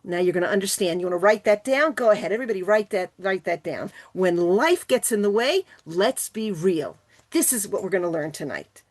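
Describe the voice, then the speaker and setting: A woman with a mid-range voice speaks over a video call to a virtual retreat audience, delivering a motivational talk. She stays animated and draws people in by asking them questions.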